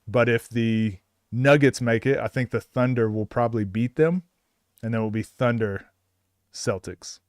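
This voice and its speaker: A man's voice: medium pitch, moderate pace, a little mellow, no room sound. Man from Oklahoma with a mid-range voice, recorded dry, chatting casually with his stream chat and laughing often. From Oklahoma, USA.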